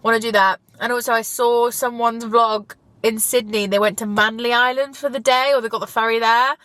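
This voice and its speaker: A woman's voice: on the high side, steady tone, a little fast, fairly bright tone, no echo. Chatty young woman vlogging. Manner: gushing, chatty, swears casually. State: tearful at times. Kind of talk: casual chat while driving. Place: inside a car.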